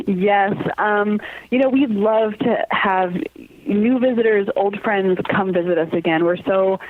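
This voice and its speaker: A woman's voice: medium pitch, takes it slowly. A woman guest on a podcast interview, earnestly telling personal stories and laughing often as she talks. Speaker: interview guest, theater company communications manager. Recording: tinny phone-line sound, dry.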